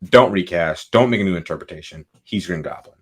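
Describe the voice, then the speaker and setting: A man co-hosting a podcast in casual chat, excitable, swearing freely and laughing often. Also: sits low, brisk, husky. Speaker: podcast co-host.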